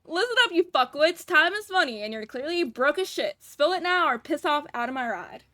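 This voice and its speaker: A woman voicing a hideous, foul-mouthed male info broker in a video game, reading his lines in a harsh, shouty snarl while a little congested. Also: high voice, lively intonation, a little fast, no echo, clean studio sound, voice pushed up. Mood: contemptuous.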